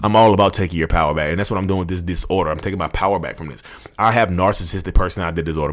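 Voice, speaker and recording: A man's voice: low-pitched, rapid-fire. A man, hosting his own channel and ranting with emphatic repetition, calling his listeners y'all. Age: 30s. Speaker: YouTube host. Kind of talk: impassioned rant to camera.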